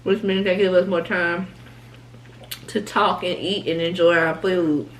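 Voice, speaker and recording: A chatty woman hosts a mukbang, talking about her food as she eats. Her voice sits low for a woman. A faint background hum runs under the talk. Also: fairly even intonation, unhurried, poor audio. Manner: chatty, talks through meals. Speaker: mukbang host. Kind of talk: casual chat while eating.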